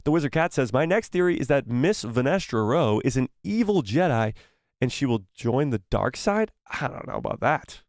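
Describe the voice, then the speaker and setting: A man's voice: medium pitch, normal speed, dry recording. A young man talks to his live chat with playful energy, teasing viewers and tripping over the messages he reads out. His voice sits in a middle register. The sound is dry and close, with no room around it. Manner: animated and playful, teasing the chat, stumbles when reading aloud. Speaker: live stream host reading viewer donations. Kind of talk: casual live stream chat.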